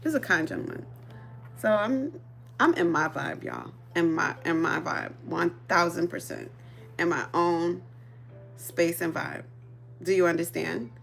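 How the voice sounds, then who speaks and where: A woman's voice: on the low side, measured pace, creaky. A woman livestreaming from her car, telling a story in a casual, chatty way, laughing often and speaking straight to her viewers. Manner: laughs often, giggly and animated; chatty, addresses viewers directly. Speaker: livestream host.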